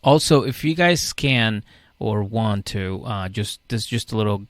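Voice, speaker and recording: A man co-hosting a comedy podcast, recapping a reality show in casual chat and jumping into squeaky voices for the people in it. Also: measured pace, no echo, clean studio sound. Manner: animated, acts out characters in high squeaky voices. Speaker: podcast co-host.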